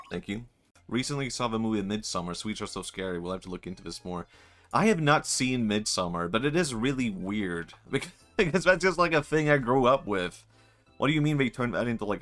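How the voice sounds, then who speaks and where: Male streamer, low register, loose joking delivery over quiet game music. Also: animated, moderate pace. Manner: rambling, joking, often laughing. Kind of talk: casual gaming stream chat.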